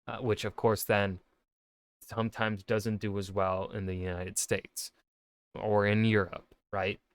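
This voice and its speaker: A man's voice: fairly low pitch, level tone, a little slow, smooth, no room sound. A man, an author, giving casual reaction commentary, rambling with many fillers and restarts. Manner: rambling, lots of fillers and self-corrections.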